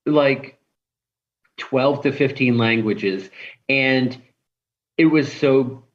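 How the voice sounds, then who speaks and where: A man's voice: medium pitch, extremely slow. Rambling middle-aged man on muffled audio. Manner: rambling, stumbling restarts, swears. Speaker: podcast guest. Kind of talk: casual chat.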